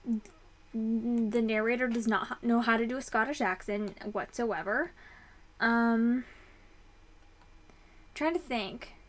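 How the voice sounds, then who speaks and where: A young woman chatting casually about books she read, rambling with fillers and quick restarts. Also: on the high side. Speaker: book vlogger. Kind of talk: casual book review chat.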